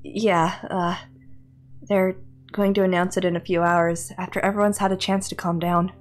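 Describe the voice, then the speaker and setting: A woman reading the lines of a gentle, joking father in her own voice. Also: lowish voice, little pitch movement, moderate pace, close to an everyday voice.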